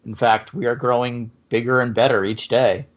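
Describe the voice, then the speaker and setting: A man's voice: medium pitch, fairly even intonation, moderate pace. A man hosting a podcast in casual chat, joking and chatty, often repeating his words as he talks. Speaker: podcast host. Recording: muffled lo-fi podcast audio.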